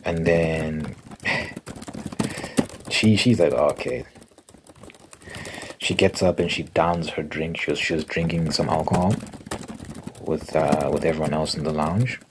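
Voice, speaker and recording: A young man telling a story in a soft-spoken ASMR style, casual and rambling with fillers. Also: rumbling low, fairly even intonation, a little slow, long pauses, background noise. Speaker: ASMR creator. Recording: keyboard clicking and typing sounds behind.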